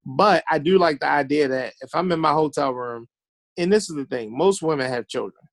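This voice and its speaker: A man's voice: on the high side, brisk, no echo. A man from Baltimore, a podcast guest telling blunt, profane stories in casual chat and acting out the quotes.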